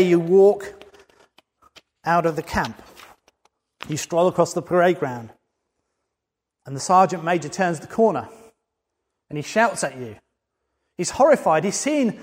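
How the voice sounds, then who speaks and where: Man preaching in a reverberant hall. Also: a little high. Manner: earnest, builds to emphatic peaks. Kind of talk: sermon.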